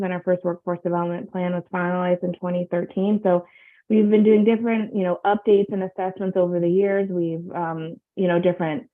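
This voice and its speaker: A woman chairing a public board meeting on a video call, speaking in a measured way with frequent fillers. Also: mid-range voice. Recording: tinny phone-like line.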